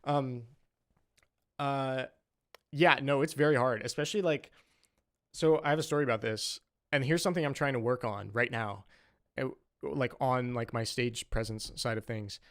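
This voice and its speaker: A young man with a mid-range, slightly bright voice talks at a normal speed while chatting casually on his livestream. He's a saxophonist streamer who rambles, packing his talk with "like" and "um."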